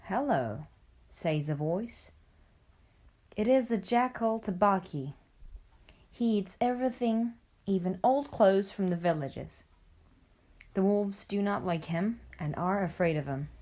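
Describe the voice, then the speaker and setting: A woman narrating a storybook for language learners, reading clearly and deliberately. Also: medium pitch, warm tone. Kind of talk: graded-reader storybook narration.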